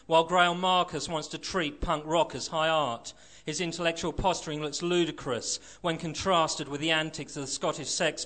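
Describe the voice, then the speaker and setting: A man's voice: on the high side, sharp tone. A man reading a short story aloud in a dry, sardonic first-person narration. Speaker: reader.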